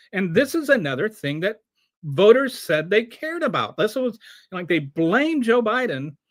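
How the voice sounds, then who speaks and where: A man hosting a show of casual political commentary, talking in an animated way with frequent restarts and rhetorical questions. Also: high-pitched, no echo, studio quality. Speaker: show host.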